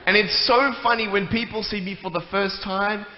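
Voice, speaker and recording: A man's voice: sits high, fairly even intonation, moderate pace. A man giving a playful, joking talk to a church audience. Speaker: guest speaker. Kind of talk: humorous stage talk. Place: church hall. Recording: echoey hall, muffled, faint noise.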